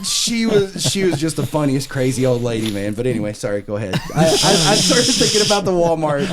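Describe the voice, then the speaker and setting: A man guesting on a casual podcast. His voice sits a bit high and swings widely in pitch as he spins stories. He laughs often and swears freely. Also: very animated, brisk, a crowd in the background.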